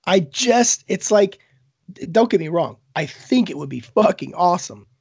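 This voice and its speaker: Sick guy co-hosting, raspy gravelly voice, swears a bunch, super casual. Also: sits high, lively intonation, normal speed, darkish tone, no room sound. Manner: swears a lot, loose and blunt. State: sick, hoarse. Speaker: podcast co-host. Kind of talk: casual chat.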